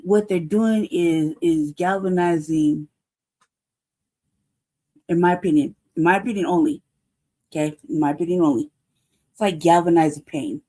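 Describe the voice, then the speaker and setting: A woman's voice: low-pitched, warm tone. A woman with an American accent hosting a show, ranting in heated, profane commentary that circles back on itself. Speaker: show host.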